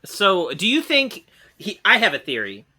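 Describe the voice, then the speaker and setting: Male podcast co-host, very bright voice, somewhat high, halting casual talk. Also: huge pitch swings. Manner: loose, halting storytelling full of fillers. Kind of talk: casual comedic chat.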